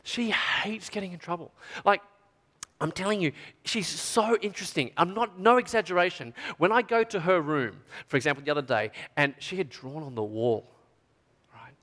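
Aussie guy preaching, chatty and animated, keeps saying right?, sounds bright in an echoey hall. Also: on the high side, normal speed. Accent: Australian. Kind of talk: storytelling sermon to a youth event. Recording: long hall reverb.

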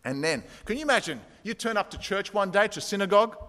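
A man's voice: high-pitched, expressive, fast, sharp tone. A man preaching a sermon, telling a story and reading quoted passages aloud with rising intensity. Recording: long hall reverb.

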